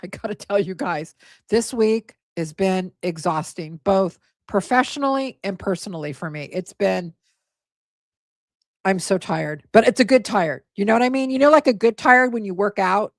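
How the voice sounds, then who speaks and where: Tired hoarse woman rambling on her livestream, emotional and gushy, dry close mic. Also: medium pitch, animated, moderate pace, no room sound. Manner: emotional, gushing, stumbles over names. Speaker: livestream host. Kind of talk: casual livestream chat thanking donors.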